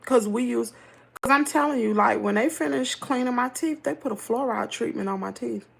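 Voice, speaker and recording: A middle-aged woman with a Southern American accent hosts a livestream, chatting casually and reading viewer comments in a lively, talkative way. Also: on the high side, a little fast, gravelly, husky. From Southern United States. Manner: chatty, animated, laughs easily. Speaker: livestream host.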